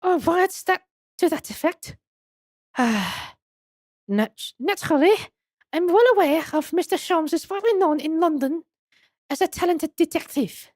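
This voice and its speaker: A woman's voice: extremely high pitch, animated, unhurried, pauses often, a little mellow, no echo, pitched above the performer's own voice. A woman voicing a genteel, formal woman museum curator who speaks politely and a little apologetically.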